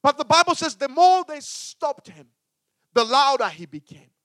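A man preaching a sermon as a pastor, with emphatic delivery that swings between loud and hushed. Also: very high voice, very animated, normal speed, no echo, clean studio sound.

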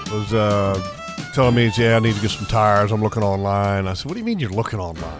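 A man's voice: on the low side, lively intonation, fast, over music. A man hosting a radio outdoor show in a studio, chatting easily and laughing along with callers. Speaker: radio host. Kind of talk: casual radio chat. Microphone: studio mic.

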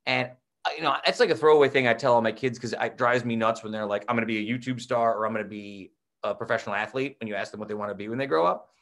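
A man co-hosting a podcast, a teacher, chatting casually and telling relaxed, self-deprecating stories. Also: mid-range voice, fast talker.

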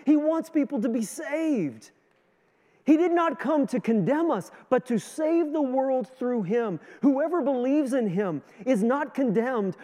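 A man with a Canadian accent preaching a sermon as pastor, his voice swelling loud and then dropping low. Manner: preaching with strong rises and drops in loudness; sings a hymn line with the congregation. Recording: long hall reverb.

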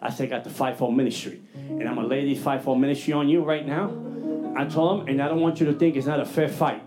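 A man preaching a testimony sermon, telling his story in an animated way and acting out his own dialogue. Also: medium pitch, fast, music in the background. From New York.

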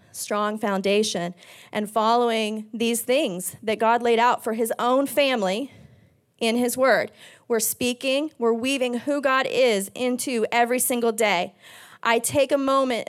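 A woman pastor giving an earnest sermon, telling personal stories with frequent restarts. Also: fairly high pitch.

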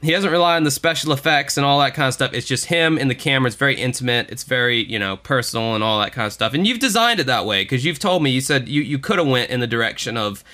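Podcast guy rambling and cursing, pretty bright tense sound. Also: mid-range voice, animated, fast, few pauses. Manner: rambling, profane, self-deprecating. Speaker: podcast co-host. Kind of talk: casual podcast chat.

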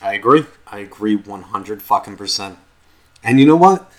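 A man co-hosting a podcast, talking in a rambling, profane, animated way in casual chat. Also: lowish voice, normal speed, low-quality recording. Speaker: podcast co-host.

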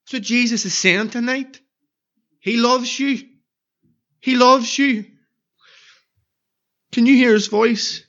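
A man's voice: very high voice, steady tone, takes it slowly, long pauses, fairly bright tone, lo-fi sound. A man preaching an evangelistic sermon in a church, earnestly pleading with repeated questions.

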